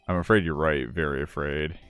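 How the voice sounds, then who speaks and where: A man's voice: a bass voice, fairly quick, no room sound, soft background music, voice pushed down. A man voicing an awkward, wary young male defense attorney in a fan dub of a courtroom game. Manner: hesitant, deadpan.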